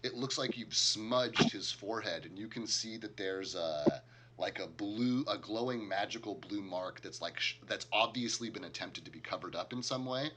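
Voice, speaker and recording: A man's voice: lowish voice, normal speed, very noisy. A man narrating a tabletop game as game master, talking casually with many fillers and chuckles.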